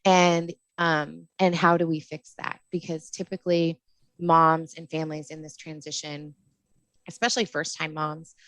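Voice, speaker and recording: A middle-aged woman with a low voice talks about her doula work in a casual podcast interview. She sounds passionate and fired up, laughs often, and the recording is dry and close. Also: flat delivery, normal speed, fairly bright tone, no echo. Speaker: postpartum doula and lactation counselor.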